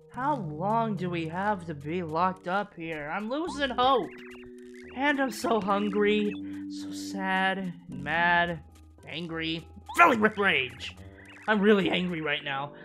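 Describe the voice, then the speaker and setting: A woman reading the lines of a spunky, defiant young female bomb creature from a game, lively and at times shouting in outrage. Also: mid-range voice, pitched above the performer's own voice. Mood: indignant. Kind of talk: reading game dialogue aloud. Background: game music.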